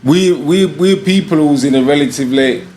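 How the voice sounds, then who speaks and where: A man's voice: fairly high pitch, normal speed, darkish tone, a little hiss or hum. A man with a Sheffield accent, co-hosting a podcast in casual chat, reasoning steadily and agreeing. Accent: Sheffield English. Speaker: podcast co-host. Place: podcast studio.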